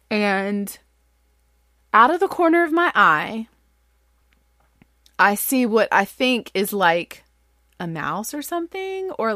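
A woman in her thirties, a mother telling a funny story in a casual, animated, self-deprecating way. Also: dry recording, clean studio sound. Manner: animated, self-deprecating, acts out quotes in high voices.

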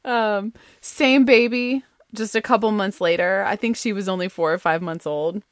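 A woman telling a personal family story in a chatty, animated way, full of fillers and quick laughs. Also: medium pitch, no echo, studio quality. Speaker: storyteller sharing a family anecdote; mother.

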